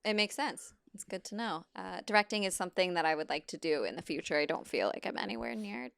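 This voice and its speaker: A woman's voice: on the low side, lively intonation, fast talker, vocal fry, a bit bright, smooth, no echo, clean studio sound. A woman guest on a podcast, an actor and script supervisor, chatting casually and laughing often. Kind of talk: casual conversational interview.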